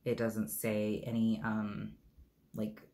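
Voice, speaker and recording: Speaking slowly in a low, dark, completely flat voice, a man gives a laid-back review of his favorite bath products. He rambles, says um and uh a lot, and tosses off joking asides.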